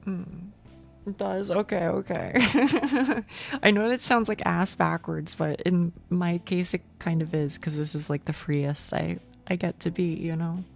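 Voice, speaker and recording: Low-voiced gravelly woman streamer. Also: measured pace, soft background music. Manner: rambling, self-interrupting, laughs often, swears casually. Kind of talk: casual chat with viewers.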